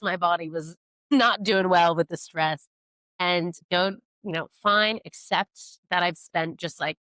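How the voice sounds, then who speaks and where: A woman with a slightly low voice tells a rambling, self-mocking story in a casual podcast chat. She acts out the people in it as she goes. The sound is dry and close, with no room around it. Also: dry recording. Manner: animated, self-mocking storyteller acting out quotes. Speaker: podcast guest, comedian.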